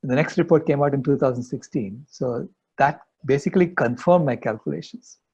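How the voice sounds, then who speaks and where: Gravelly older man telling a story. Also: mid-range voice, a little fast, darkish tone. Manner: earnest, anecdotal storytelling. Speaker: guest. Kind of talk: conversational interview storytelling. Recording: dull lo-fi audio.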